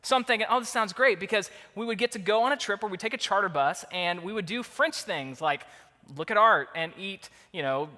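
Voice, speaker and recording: A pastor tells a self-deprecating story in a sermon, his voice bright and high. The sound carries a long reverb, as if in a large hall. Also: brisk. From Kansas City area, USA.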